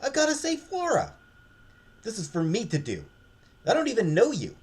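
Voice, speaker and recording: A man's voice: high-pitched, huge pitch swings, normal speed, darkish tone, husky, heavily acted. A man voicing a stubborn young adventurer in a game, talking in urgent, defiant bursts. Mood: frantic.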